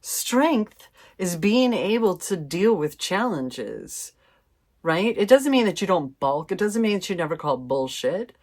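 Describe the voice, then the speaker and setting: A woman's voice: lowish voice, very animated, a little slow. A woman giving a casual intuitive tarot reading to her viewers, chatty and informal, with mild swearing. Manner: chatty, swears mildly, laughs, addresses viewers as fam. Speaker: tarot reader.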